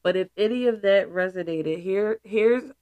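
A woman's voice: medium pitch, normal speed, darkish tone, dry recording. A woman hosting a spiritual podcast in casual, emphatic talk with playful asides. She is stuffy and congested. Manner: emphatic, playful asides, calls listeners goddesses.

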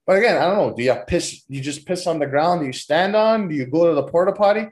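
A young man hosting a podcast, his voice sitting a little high for a man. He tells crude, rambling stories in a loose, joking way, swearing freely as he goes. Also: animated, fast talker, a little mellow. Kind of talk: casual storytelling.

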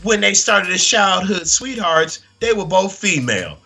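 A man's voice: high voice, very animated, measured pace, gravelly, bright, forceful tone, slightly rough, faint music behind. A man hosting a comedy podcast segment, delivering a profane, mocking rant.

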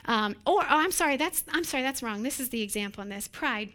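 A woman gives a sermon in a high, bright voice, warm with humor. She slips in quick laughs and acts out the voices of the people she describes. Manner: acts out quoted voices with animated, laughing asides. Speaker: preacher.

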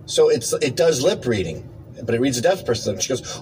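A man's voice: mid-range voice, moderate pace, slight background noise, poor audio. A man hosting a podcast, telling comedic stories in casual chat and acting out the people in them. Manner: animated, acts out voices in anecdotes. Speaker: podcast host.

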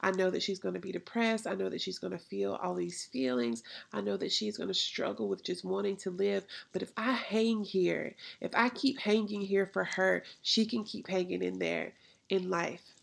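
A woman voicing Jesus as a grown man on the cross, speaking a quiet, earnest inner monologue. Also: mid-range voice, steady tone, moderate pace, creaky. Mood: earnest resolve. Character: Jesus on the cross, adult man, enduring and devoted.

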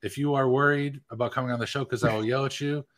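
A man co-hosting a film podcast, talking in a blunt, brisk, joking way. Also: mid-range voice, steady tone, a bit bright. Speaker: podcast co-host. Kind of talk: casual chat.

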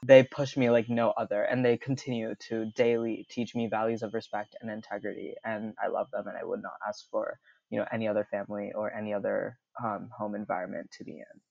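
A man's voice: lowish voice, little pitch movement, a little fast, creaky, a little mellow, no room sound. Young man interview guest, chatty storyteller with lots of fillers and laughs, dry lo-fi recording. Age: young adult. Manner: chatty, full of "like" and "you know", laughs often. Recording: dull lo-fi recording.

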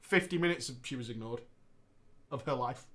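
A man's voice: medium pitch, normal speed. A man co-hosting a casual podcast, reading a gaming story aloud with playful banter and frequent laughter. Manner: laughs often, playful, expressive.

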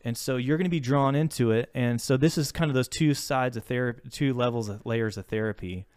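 Reflective man with a smooth voice. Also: mid-range voice, a little fast, darkish tone, no room sound, studio quality. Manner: reflective and searching, circling back with restarts. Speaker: therapist and podcast co-host. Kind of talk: casual podcast conversation.

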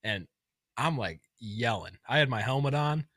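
A young man from Michigan telling a story in casual chat, animated and swearing, acting out the voices of others. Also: medium pitch, normal speed, dry recording, clean studio sound. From Flint, Michigan. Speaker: podcast guest.

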